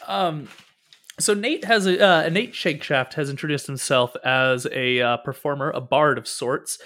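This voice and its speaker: A man's voice: fairly high pitch, a little slow, bright, forceful tone. A man narrating as game master of a tabletop game, rambling and restarting his sentences. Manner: rambling, many fillers and restarts.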